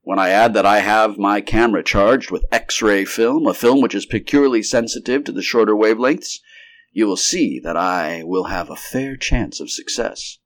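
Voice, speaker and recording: Male narrator with a fairly low voice, reading a vintage sci-fi story steadily and without rehearsal. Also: moderate pace, a bit bright.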